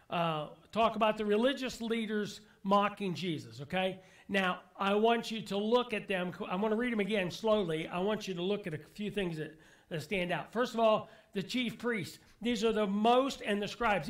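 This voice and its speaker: A male pastor preaches to his church congregation in an unusually high voice. He presses his points with emphatic repetition and rhetorical questions, reading scripture aloud and then explaining it. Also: a bit bright. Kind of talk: sermon.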